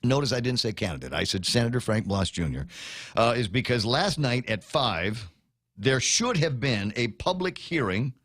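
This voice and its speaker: A man hosting a talk radio show, ranting in an animated, conversational way. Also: mid-range voice, no echo, clean studio sound.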